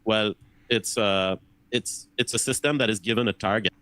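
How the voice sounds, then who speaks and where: A man's voice: fairly low pitch, moderate pace, bright, forceful tone, no room sound, poor audio. A man in a conversation earnestly explaining his ideas, often repeating words as he thinks. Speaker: interview guest.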